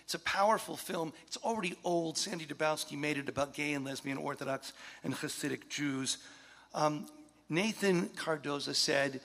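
A man's voice: on the high side, moderate pace, gravelly, a bit bright, long reverb tail. A man in his fifties or older, a rabbi telling an earnest, impassioned story to an audience, sometimes sinking to a near-whisper.

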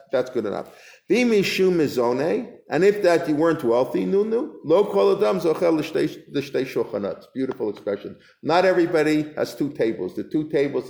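A man's voice: fairly high pitch, darkish tone. A man teaching an informal Talmud class, reading Aramaic lines and paraphrasing them in loose, conversational English. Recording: echoey room.

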